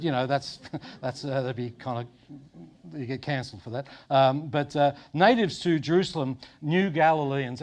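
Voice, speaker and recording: Australian man preaching, fairly high voice. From Sydney, Australia. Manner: conversational preaching, drops to soft low tones for emphasis. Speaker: pastor. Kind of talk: sermon.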